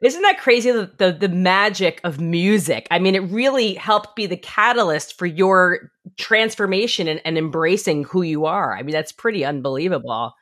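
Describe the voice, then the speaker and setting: A woman hosting a relaxed interview show, with an expressive pitch that rises and falls. She listens supportively, agreeing quickly and chiming in with short reactions before telling her own story. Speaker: podcast host. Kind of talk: casual interview chat.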